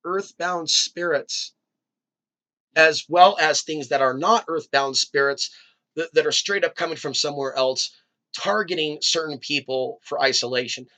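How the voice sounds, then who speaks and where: A man's voice: a little high, a little slow, sharp tone. A man hosting his own video, talking in a loose, rambling spiritual monologue that drifts from tangent to tangent. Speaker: video host. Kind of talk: free-flowing spiritual monologue.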